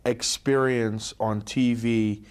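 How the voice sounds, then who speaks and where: A man's voice: mid-range voice, steady tone, slow pace, clear, resonant tone. A man hosting a talk show, cutting in with questions to keep his guest's story going. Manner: interjecting, prompting questions. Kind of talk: interviewing chat.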